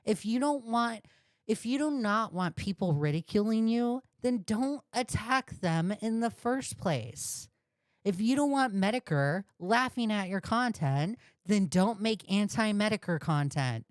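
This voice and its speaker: A woman's voice: mid-range voice, lively intonation, measured pace, no echo, studio quality. A woman host ranting on a commentary livestream, profane and indignant, repeating insults. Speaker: commentary streamer.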